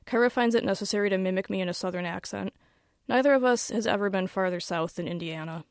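A woman author reading her own story aloud in a wry, deadpan first-person voice. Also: medium pitch, a little fast, no echo, clean studio sound.

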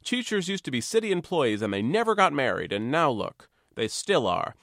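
A man's voice: fairly high pitch, very animated, moderate pace, no room sound, clean studio sound, voice pushed up. A man doing a pushy, gushing postman. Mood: emphatic. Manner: insistent, emphatic, rising to near shouting. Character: pushy, gushing middle-aged male postman.

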